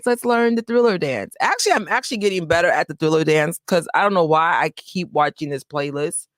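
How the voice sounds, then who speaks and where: A young adult woman hosts a casual fan channel live stream from home, talking into a desk microphone. She's excitable, laughs easily and greets viewers by name, her voice lowish. The sound is close and dry, with no echo.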